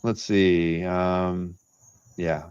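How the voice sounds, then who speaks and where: A man's voice: low-pitched, steady tone, extremely slow, a little mellow, smooth, no room sound, muffled recording. A man hosting a live art-sale stream, chatting casually and rambling with many restarts.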